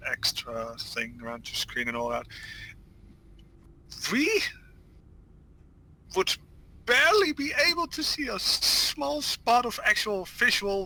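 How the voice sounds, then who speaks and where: Brief: playful male co-host, sharp bright tone, goofy bits. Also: low-quality recording. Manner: playful, jumps high for jokes. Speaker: podcast co-host. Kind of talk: casual chat.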